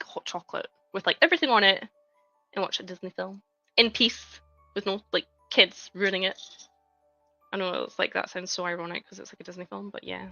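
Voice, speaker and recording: A woman in her thirties talks casually to her live-stream chat, her voice bright with a gravelly edge. The audio is dry and slightly dull, with faint music underneath. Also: medium pitch, no echo. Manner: chatty, reads chat aloud, frequent "like". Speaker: livestreaming LEGO builder.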